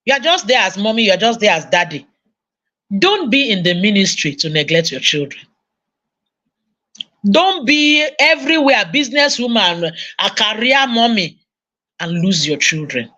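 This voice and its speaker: Nigerian woman preacher, lively storyteller, parenting sermon. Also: medium pitch, normal speed, lo-fi sound. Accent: Nigerian English. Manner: animated storytelling, acting out voices. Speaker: conference speaker. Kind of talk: sermon-style parenting talk.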